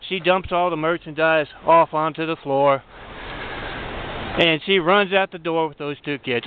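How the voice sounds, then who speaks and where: A man telling a comic story in an animated way and acting out the characters, heard over a tinny phone-like line. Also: on the high side, moderate pace. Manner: animated, does voices. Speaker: joke teller. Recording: tinny phone-like sound, faint noise.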